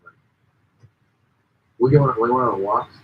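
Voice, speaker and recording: A man's voice: medium pitch, a little slow, phone-quality sound. A man hosting a casual podcast chat, easygoing, often giving short agreeing replies.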